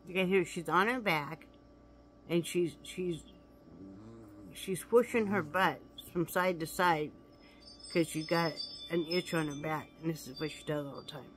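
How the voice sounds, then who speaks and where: A woman talks casually to her viewers from her living room, chatty and quick to laugh. She sounds at ease at home. A faint hiss of background noise runs under the recording. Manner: coos in a high baby-talk voice to her pet; warm, chatty, laughs often. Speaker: vlog host.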